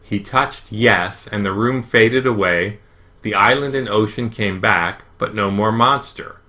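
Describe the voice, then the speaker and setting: A man reading a children's novel aloud in first person, with a lively, emphatic delivery. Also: fairly low pitch, unhurried. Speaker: audiobook reader. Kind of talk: first-person storybook narration.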